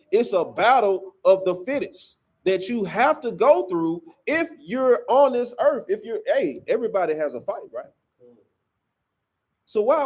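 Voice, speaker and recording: Animated high-voiced preacher man. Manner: emphatic, preachy, peppers lines with "man". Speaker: Sabbath class teacher. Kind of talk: fiery scripture teaching.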